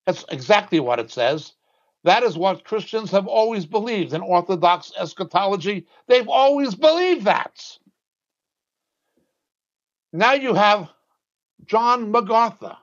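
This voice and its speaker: A man with a high voice preaches with emphatic, insistent force. He drives his points home with sudden drops in pitch. The recording sounds dull and lo-fi. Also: animated, unhurried, pauses often. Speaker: Bible teacher. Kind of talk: sermon.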